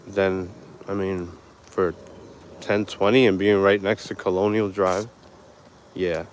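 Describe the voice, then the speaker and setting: Low-voiced man live-streaming on a walk. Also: flat delivery, takes it slowly, a little hiss or hum. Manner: laid-back, chatty, talks to viewers and animals. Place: outdoor park path.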